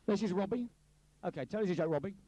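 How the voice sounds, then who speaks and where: A man co-hosting a street joke hunt, teasing and lively. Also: sits high, quick pace. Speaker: co-host interviewer. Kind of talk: casual street vox pop.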